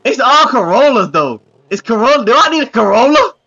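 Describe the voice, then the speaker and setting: A man hosting a reaction video, with excitable, exclamatory commentary full of profane slang. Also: very high-pitched, fairly quick, muffled recording.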